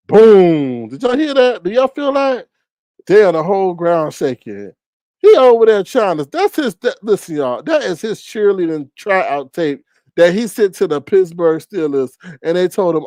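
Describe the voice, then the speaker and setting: A man's voice: big pitch swings, normal speed, a little mellow, dry recording, studio quality. A man hosting a livestream, roasting people in a sassy, theatrical way. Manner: sassy, theatrical, swings pitch. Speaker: livestream host. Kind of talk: casual roast commentary.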